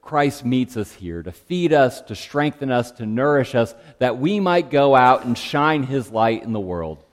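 A man preaching a sermon in a church, speaking in a gentle, reflective way and letting his phrases trail off softly. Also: mid-range voice, expressive, unhurried. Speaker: pastor. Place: church sanctuary. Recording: long church reverb.

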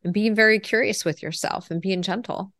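A woman's voice: medium pitch, fairly even intonation, fairly quick, a bit bright, no room sound. Earnest woman coach, dry close sound. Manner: earnest, reflective, many "you know" asides. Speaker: lifestyle coach. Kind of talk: podcast interview answers.

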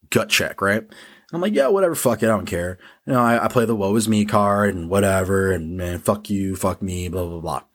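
A man with a low, husky voice talks straight through a casual motivational monologue as a podcast host. He swears often and pokes fun at himself while staying blunt. His tone is rough rather than polished. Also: moderate pace. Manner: profane, blunt, self-deprecating.

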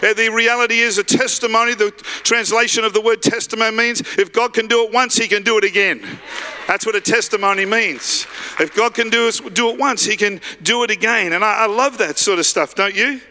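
A male pastor preaching a lively sermon, often calling out to the congregation. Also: high voice, a little fast. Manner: animated, calls to the congregation.

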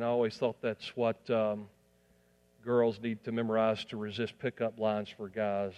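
A man pastor preaching a sermon, building to emphatic peaks and dropping to quiet asides. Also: on the low side, fairly even intonation, measured pace, long pauses, big-room sound.

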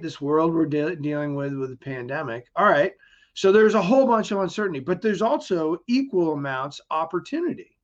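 A middle-aged man talks as a guest in a conversational interview, upbeat and motivational in manner. His voice sits high, the recording is muffled, and he acts out quoted voices.

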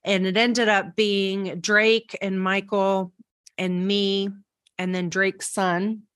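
A woman co-hosting a podcast, telling a story in casual, animated chat with many restarts. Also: mid-range voice, takes it slowly, no room sound, studio quality. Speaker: podcast co-host.

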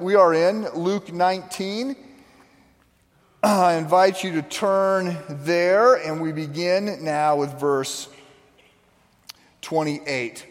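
A man preaching a sermon, telling a story in a loose, conversational way and acting out the people he quotes. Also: on the high side. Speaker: pastor. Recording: long hall reverb.

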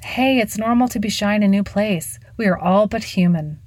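A woman's voice: medium pitch, normal speed, a little mellow, no room sound, voice pushed up, natural voice. A woman voicing an effusive, welcoming male teacher in a storybook reading. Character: enthusiastic charming male teacher, adult.

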